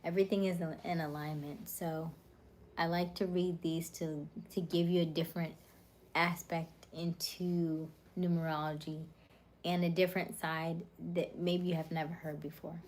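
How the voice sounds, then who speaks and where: A woman's voice: sits low, level tone, normal speed, a little mellow, slight background noise. Upbeat woman hosting a livestream. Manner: upbeat, punchy delivery of numerology traits as short lists. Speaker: livestream host. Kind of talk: casual livestream chat, reading viewer comments.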